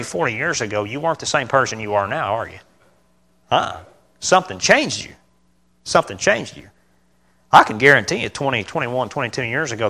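A middle-aged man preaching an informal sermon in a small church room, earnest and halting, correcting himself and breaking into sudden loud bursts. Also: on the high side. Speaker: lay preacher.

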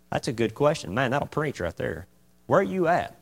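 A man leads an informal Bible study in a folksy, lively manner. He keeps asking his listeners questions and drives his points home. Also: medium pitch, unhurried, gravelly. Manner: folksy and animated, asks the group many questions. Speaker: preacher teaching a Bible class.

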